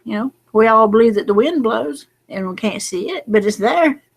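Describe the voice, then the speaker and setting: A woman's voice: fairly high pitch, animated, normal speed. A middle-aged woman, talking in a late-night casual vlog, rambling and folksy, drowsy and close to tears. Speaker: lottery number vlogger.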